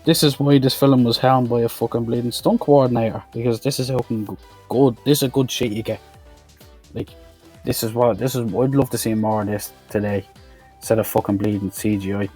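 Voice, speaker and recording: A man's voice: medium pitch, steady tone, brisk, darkish tone, slightly rough, faint music behind. A man giving a blunt, swear-heavy review of an action film, talking casually and with exasperation. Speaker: movie reviewer.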